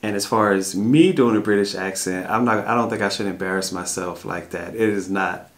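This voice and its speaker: A man's voice: lowish voice, brisk. An American man from Arkansas chatting casually in a family Q&A, often repeating words and restarting his sentences. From Arkansas, USA. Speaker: family vlog co-host. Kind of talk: casual Q&A chat.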